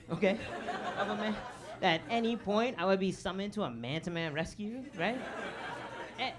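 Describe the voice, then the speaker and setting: A man telling a story in a stand-up comedy set on a club stage, chatty and full of asides, with the audience laughing. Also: high voice. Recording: live club recording with audience noise.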